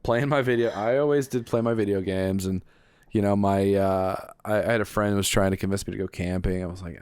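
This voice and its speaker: A man's voice: lowish voice, animated, a little fast, dry recording, studio quality. A young man co-hosting a podcast in casual chat, rambling and hesitant, often correcting himself. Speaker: podcast co-host.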